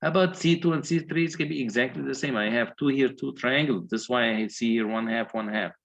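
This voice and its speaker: Speaking a little fast in a creaky, medium-pitched voice, an engineering lecturer methodically steps through calculations. He keeps asking the class questions as he goes.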